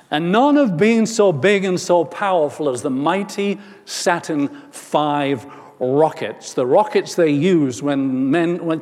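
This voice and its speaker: Male preacher who tells a story and then builds to emphatic preaching, with a higher-pitched voice in a reverberant hall. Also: darkish tone. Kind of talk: sermon with personal story.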